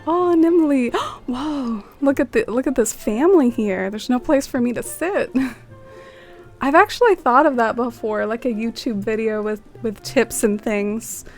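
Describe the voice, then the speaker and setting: A woman's voice: fairly high pitch, a little slow, soft background music. A woman streaming a game, chatting casually, greeting viewers by name and using lots of "like". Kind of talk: casual live-stream chat.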